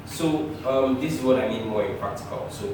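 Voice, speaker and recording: A man teaching choir harmony, talking through the theory and now and then singing short phrases, sometimes in falsetto. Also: brisk, heavy reverb, distant mic, very noisy. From Nigeria. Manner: talks through theory, often breaks into sung phrases, chuckles. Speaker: music teacher. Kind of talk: choir harmony lesson with sung examples. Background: piano.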